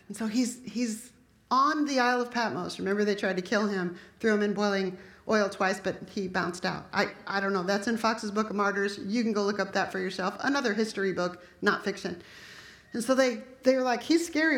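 Lady preacher, chatty sermon w/ little jokes to the crowd, roomy echo all around. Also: medium pitch. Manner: conversational, humorous asides to the congregation. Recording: echoey room.

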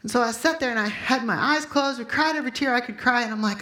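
A woman in her fifties preaches and tells her own testimony, her voice pitched a bit high. She gets emotional and acts out her prayers loudly for the room. The sound rings around a roomy, echoing space. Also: quick pace. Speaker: speaker at a Christian gathering. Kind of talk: sermon with personal testimony. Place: room full of listeners.

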